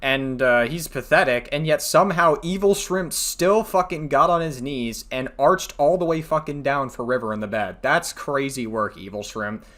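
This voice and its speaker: A man with a bright, forceful voice and a middle pitch rambles through online drama commentary. He swears freely, trails off into fillers, and laughs at his own jokes. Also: moderate pace, hardly any pauses. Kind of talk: casual commentary.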